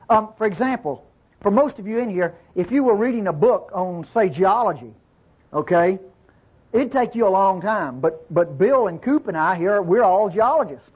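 A man teaching from the Bible in a relaxed, conversational way. He reads verses aloud, explains them, and keeps checking in with his listeners. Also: high-pitched, slightly rough, muffled recording.

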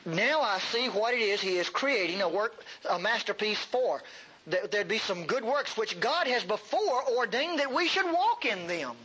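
Male pastor, high voice, lively folksy sermon delivery with humor. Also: moderate pace, breathy edge, poor audio. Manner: animated, folksy, humorous, emphatic.

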